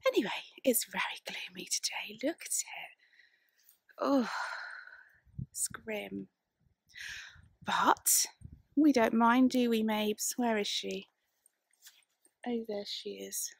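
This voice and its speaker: A woman's voice: fairly high pitch, slow, creaky, pauses often, breathy edge, dry recording. A woman from England with a southern English accent, chatting casually and a little out of breath while out walking, talking fondly to her dog. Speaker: vlogger. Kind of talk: casual vlog on a walk. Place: outdoors on a country walk.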